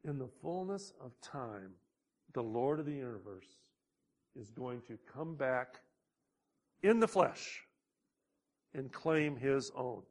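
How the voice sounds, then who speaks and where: A man preaching a sermon, slow and deliberate, building emphasis on key words. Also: mid-range voice, animated. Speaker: pastor.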